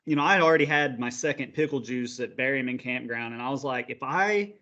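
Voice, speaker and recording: A man co-hosting a podcast, recounting at length in a rambling, relaxed way. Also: medium pitch, fast, lo-fi sound. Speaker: podcast co-host. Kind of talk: casual chat.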